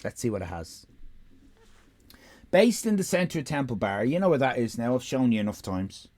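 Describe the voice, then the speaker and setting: A man's voice: mid-range voice, sing-song, moderate pace, a little mellow. An Irish man streaming live, giving rambling, sarcastic, profane commentary.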